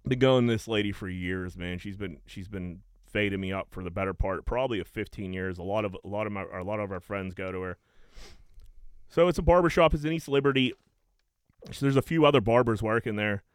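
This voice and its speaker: A man in his thirties from Pittsburgh telling a long anecdote in casual podcast chat, swearing and animated. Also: fairly low pitch, a little fast, clear, resonant tone, no room sound. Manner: animated anecdote teller, swearing, many fillers. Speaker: podcast co-host.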